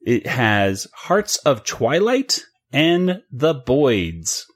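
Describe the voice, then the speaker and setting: A man's voice: mid-range voice, very animated, drawn-out words. A man hosting a cartoon podcast, chatting casually, laughing often and rambling with fillers. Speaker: podcast host.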